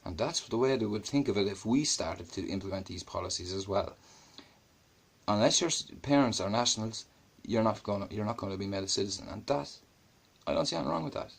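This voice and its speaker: A man's voice: on the low side, animated, brisk, creaky, slightly rough. An Irish man giving blunt, sarcastic commentary on a video he is playing, swearing freely. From Ireland. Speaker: YouTube commentator.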